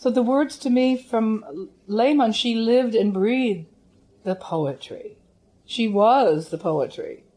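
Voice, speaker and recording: An older woman, a former opera singer, telling animated stories about her teacher in an interview. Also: mid-range voice. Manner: animated storyteller with vivid quoted impressions. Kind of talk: reminiscing interview.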